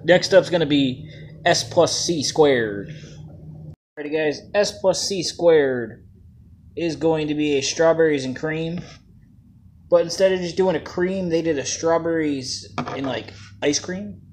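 A man's voice: on the high side, measured pace, a little hiss or hum. Laid-back man reviewing vape juice. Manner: laid-back, jokey, plain-spoken. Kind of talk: casual product review.

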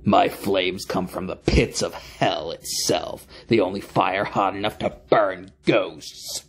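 A man voicing a menacing flaming skeleton monster who gloats slowly. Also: deep voice, steady tone, vocal fry, husky, pitched below the performer's own voice, heavily acted. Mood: gloating.

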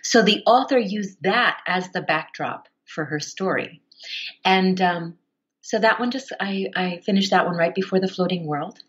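A woman audiobook narrator chatting as a podcast guest. She tells stories with animated energy and laughs easily as she talks. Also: lowish voice, normal speed, muffled recording. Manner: animated storytelling with frequent laughs. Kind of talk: casual podcast interview.

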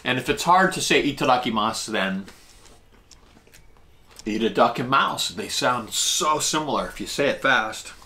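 A man's voice: normal speed, hardly any pauses, slight background noise. A man hosting a casual food vlog, tasting dishes and explaining Japanese food words as he eats, talking with his mouth full. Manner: eats while talking, with lively jumps in pitch.

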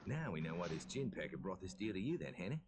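A man voicing a gruff male mercenary in a video game, with an Australian accent and blunt banter. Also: low voice, very animated, fast talker, a little mellow. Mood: scheming.

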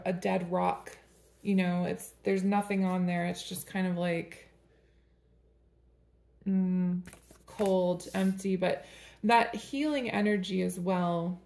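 A woman rambles through a casual tarot reading, chatting freely and laughing between the cards. Her voice has a gravelly, fry-tinged texture at a middle pitch. The room around her sounds echoey. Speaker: tarot reader.

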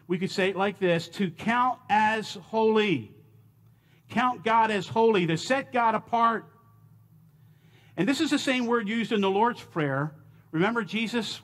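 A man with a high-pitched voice leads a church Bible class. He teaches in an earnest, emphatic way, stressing key words and turning often to the class with questions. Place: church auditorium.

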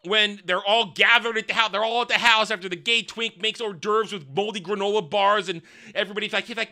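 A man's voice: high-pitched, fairly even intonation, fairly quick, pushed and bright. A man reviewing a TV episode in a casual, rambling rant, sarcastic, exasperated and crude. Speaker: TV show reviewer.

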